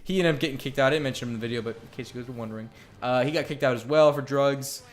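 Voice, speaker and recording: A man's voice: mid-range voice, racing. A young man telling a story in a casual vlog, candid and rambling, with lots of swearing and filler words. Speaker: vlogger.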